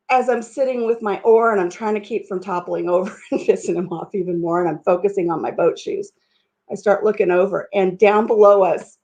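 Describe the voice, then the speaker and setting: A woman vlogger telling a story in a casual chat, animated and self-mocking, laughing often and swearing freely. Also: medium pitch, normal speed.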